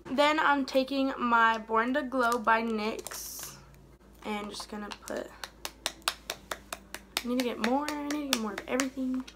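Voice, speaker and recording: A young woman chatting casually while doing her makeup for a beauty vlog, rambling and trailing off softly mid-thought. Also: on the high side, measured pace, pauses often, background noise. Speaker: beauty vlogger. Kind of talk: casual get-ready-with-me chat.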